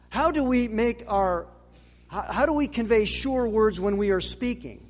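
A man preaching a sermon in a measured way, with dramatic pauses and rhetorical questions. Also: sits high. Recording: long reverb of a large hall.

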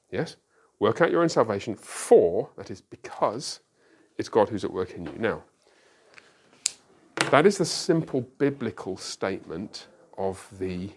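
A man's voice: lowish voice, slightly rough. A man who is a pastor, teaching a school Bible class in a classroom, explaining emphatically and asking rhetorical questions. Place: classroom with a whiteboard.

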